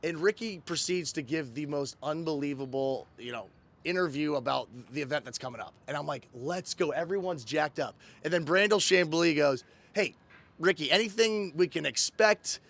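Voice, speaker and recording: A man's voice: fairly high pitch, moderate pace, fairly bright tone. A man in his thirties hosting a casual recap show, animatedly retelling a story and acting out quotes. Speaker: host.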